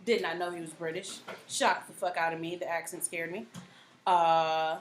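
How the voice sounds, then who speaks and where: A woman's voice: fairly low pitch, little pitch movement, moderate pace. A woman co-hosting a casual podcast, talking bluntly with fillers and laughs. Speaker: podcast co-host. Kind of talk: casual chat. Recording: echoey room with faint noise.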